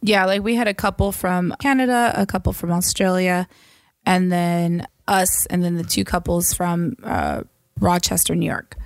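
Woman podcast co-host, gravelly, dry close sound, rambling storyteller. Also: fairly low pitch, fairly even intonation, moderate pace, dry recording. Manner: chatty storyteller, lots of fillers and quoted voices. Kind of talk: casual chat.

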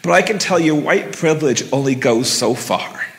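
Man, live storyteller, high bright voice, intense halting delivery, stage mic with long hall reverb. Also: lively intonation. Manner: intense, halting, emotional retelling.

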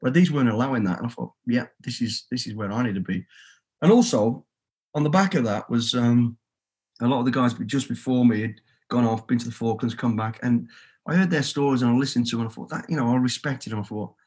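A man's voice: mid-range voice, fast, darkish tone, husky. A middle-aged man with a Birmingham accent, a guest in a podcast interview, telling his story bluntly and swearing freely. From England. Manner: blunt and swearing freely, telling stories with quoted inner thoughts.

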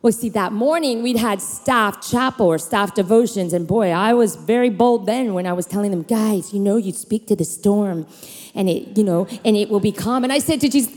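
A woman preacher in her thirties telling personal stories in an animated sermon, acting out voices and leaping in pitch. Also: normal speed. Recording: long hall reverb.

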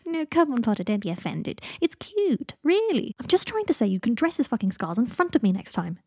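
A woman voicing a blunt, sharp-tongued young witch with a brisk, scolding manner. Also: a little high, very animated, creaky, slightly rough, no room sound, studio quality, exaggerated voice.

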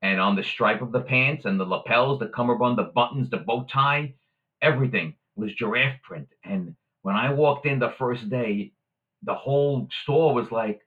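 A man telling a story as a guest in casual conversation, animated and acting out the voices of the people he quotes. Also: mid-range voice, moderate pace, highs cut off.

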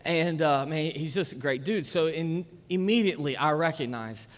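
A man's voice: on the high side, normal speed. A man, preaching a casual, conversational sermon full of jokes and chatty asides. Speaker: pastor. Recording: long church-hall reverb.

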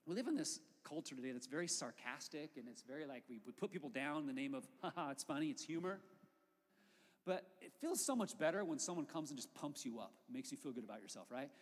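A male pastor preaching a sermon in a conversational, lively way, with asides to the congregation. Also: medium pitch, quick pace, hardly any pauses, husky, long reverb tail.

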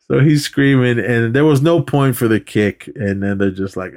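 A man co-hosting a movie podcast, retelling scenes in a casual, animated way and acting out the characters' lines with laughs. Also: medium pitch, normal speed, hardly any pauses. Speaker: podcast co-host.

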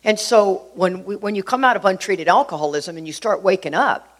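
A woman's voice: medium pitch, lively intonation, a little fast. A middle-aged woman from Texas, sharing a personal recovery story in an earnest, conversational way with many fillers. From Houston, Texas.

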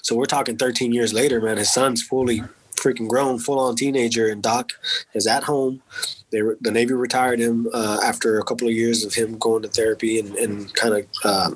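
A man with a husky, slightly rough voice at a middle pitch, recounting a personal story as a military veteran. He talks casually and candidly, with plenty of swearing and "man" and "dude" along the way. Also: little pitch movement, a little fast, poor audio. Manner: candid and profane, with frequent fillers like "man" and "dude".

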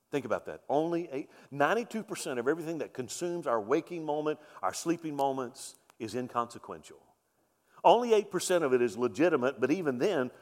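A pastor preaches a sermon in a mid-range, slightly mellow voice, emphatic and fond of repeating key lines and asking rhetorical questions. The recording carries the long reverb of a large hall.

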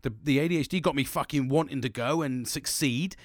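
A young man rambles through a story in a dry, close recording, swearing all the time and laughing as he talks. His voice sits at a middle pitch, and he bursts into excited highs and falls to low mutters. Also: a little fast, no room sound. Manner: swears constantly, animated, laughs through stories. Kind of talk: casual storytelling to camera.

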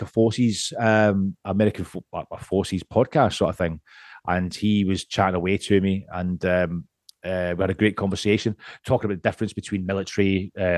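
A man's voice: lowish voice, no room sound, studio quality. A Scottish man on a podcast as a guest, chatting casually, rambling, swearing freely and laughing often. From Scotland.

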